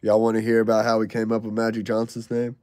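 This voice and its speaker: A man's voice: on the low side, fast, dry recording, clean studio sound. A man in his thirties hosting a casual livestream, reading viewer comments and telling stories in loose, jokey slang. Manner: loose, slangy, jokey, excitable over donations. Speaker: livestream host.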